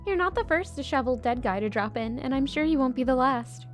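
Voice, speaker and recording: A woman's voice: high voice, lively intonation, quick pace, faint music behind. A woman voicing a sardonic, teasing cafe barista in a game, dry and mocking, with a put-on Australian accent.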